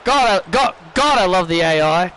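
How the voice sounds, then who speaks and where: High-pitched guy doing hype play-by-play over a wrestling game, keeps restarting lines, yells on big moves, noisy background. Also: animated, moderate pace. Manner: frequent restarts and self-corrections, bursts of shouting at big moves. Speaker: YouTuber commentating his own wrestling video game matches. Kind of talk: excitable play-by-play commentary over gameplay.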